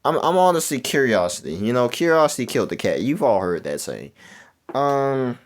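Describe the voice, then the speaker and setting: A young man, a gaming YouTuber, gives casual commentary while playing a quiz game, speaking at medium pitch and a moderate pace. He rambles and corrects himself, swinging between mumbling and excited outbursts.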